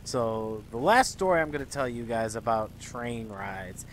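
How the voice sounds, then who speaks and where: A young man ranting through his everyday stories in a profane, exasperated, animated way, talking straight to his viewers. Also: mid-range voice, unhurried, a little hiss or hum. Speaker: commentary vlogger. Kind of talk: ranting storytelling monologue. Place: Chicago area.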